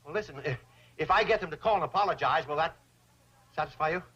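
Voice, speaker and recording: An actor playing a fussy, greedy older banker who talks in a pompous, flowery, wheedling way. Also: male voice, a little high, quick pace, sharp tone, breathy edge. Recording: dull old TV soundtrack.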